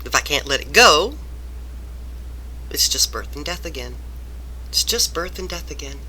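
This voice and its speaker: A woman's voice: low voice, expressive, normal speed, sharp tone, slight background noise. A woman vlogger ranting about work, rambling and exasperated, turning self-reflective. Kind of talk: rambling personal rant to camera.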